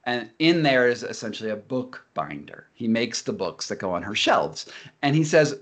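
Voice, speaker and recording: A man explaining ideas in casual talk, animated and often repeating words as he restarts. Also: mid-range voice, normal speed.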